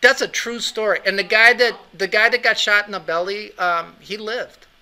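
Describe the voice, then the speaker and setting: A middle-aged man teaching anatomy and physiology shares an anecdote with his classroom of students, chatty and full of "right?" asides. His voice sits high and steady at a normal speed, its tone clean, bright and forceful.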